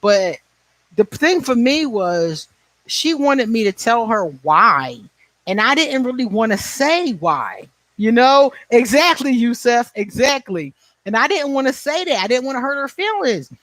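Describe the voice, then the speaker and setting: A man's voice: very high voice, very animated, unhurried, fairly bright tone, no room sound. A man in his forties hosting a casual livestream chat, telling stories bluntly and profanely, laughing often and answering viewers by name. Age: 40s. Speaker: livestream host.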